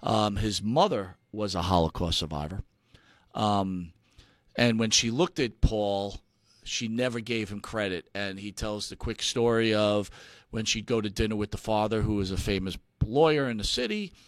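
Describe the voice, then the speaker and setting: A man co-hosting a casual talk show, halting and full of restarts and fillers, emphatic and earnest when he presses a point. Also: fairly low pitch, no room sound. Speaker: podcast co-host. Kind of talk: casual conversational commentary.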